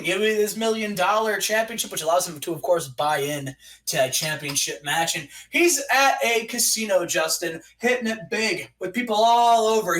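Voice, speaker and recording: A man's voice: sits high, sharp tone. A young man hosting a casual let's-play, joking and narrating in a hyped, playful way. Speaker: gaming channel host.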